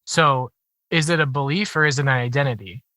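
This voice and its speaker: A man's voice: mid-range voice, a little fast, bright, forceful tone, no echo, clean studio sound. Teasing skeptical man co-host. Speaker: podcast co-host. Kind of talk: casual chat.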